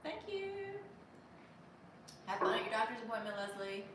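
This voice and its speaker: A woman's voice: fairly high pitch, normal speed, distant mic. Chatty woman live-streaming in an echoey room. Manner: chatty, animated, laughs often. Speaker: livestream host. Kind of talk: casual live-stream chat, reading viewer comments. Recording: echoey room, voice off-mic, noisy.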